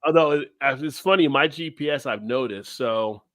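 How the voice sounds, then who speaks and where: A man's voice: mid-range voice, normal speed. A man co-hosting a casual chat show, joking around and laughing often. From Baltimore area. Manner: laughs often, jokey and animated. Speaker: co-host.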